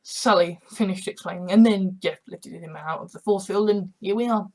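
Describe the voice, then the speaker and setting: A woman's voice: mid-range voice, moderate pace, darkish tone, poor audio. A woman narrating an audiobook in a loose, casual reading with occasional stumbles and asides.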